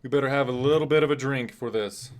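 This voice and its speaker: A man from Nebraska calls a live fight stream in a relaxed, chatty way. He keeps his tone wry and self-deprecating, with an everyday mid-range voice. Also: medium pitch, fast talker. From Nebraska, USA. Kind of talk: casual live reaction commentary.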